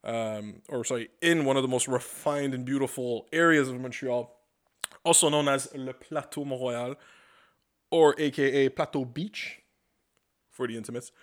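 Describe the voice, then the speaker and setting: A man with a medium-pitched voice, speaking a little slowly, hosts a podcast. In a casual comedic monologue, he tells rambling, profane stories full of stammered restarts.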